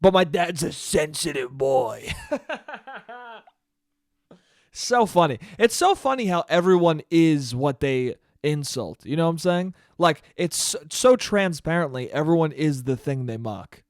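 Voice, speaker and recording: A young man with a somewhat high voice talks straight into a close mic in a dry, deadened room. He hosts a solo podcast, rambling through stories in a loose, animated way. Swearing comes often and casually. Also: unhurried, no echo. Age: young adult. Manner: profane, animated storytelling. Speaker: podcast host.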